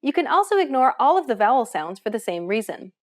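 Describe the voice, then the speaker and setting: A woman's voice: fairly high pitch, big pitch swings, quick pace. A woman hosting a language lesson, giving scripted, encouraging explanations in an upbeat way.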